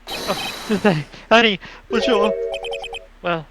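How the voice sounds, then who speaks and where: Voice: medium pitch, very slow, pitched above the performer's own voice, low-quality recording. A performer voicing a timid, bumbling man who stammers and trails off, over background music.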